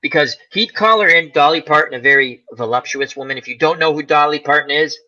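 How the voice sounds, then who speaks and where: A man hosting a casual chat about old comedy movies, animated and laughing as he acts out lines. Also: fairly high pitch, fast talker, dull audio. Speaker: channel host.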